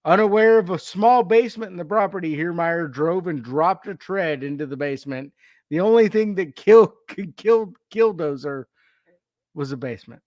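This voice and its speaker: Laughing podcast host, dry close mic. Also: male voice, high-pitched, moderate pace, darkish tone, dry recording. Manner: laughs often, tells anecdotes with quoted dialogue. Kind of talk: casual chat, reading a story aloud.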